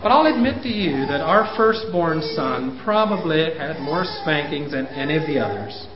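A man in his fifties lecturing parents, animated, pushing his voice up for emphasis and chuckling at himself. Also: fairly high pitch, moderate pace. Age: 50s. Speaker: speaker on parenting. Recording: roomy, dull lo-fi recording.

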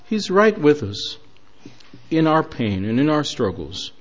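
A man's voice: on the high side, sing-song, unhurried. A man preaching a sermon, telling a story earnestly with some hesitations. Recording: dull lo-fi recording.

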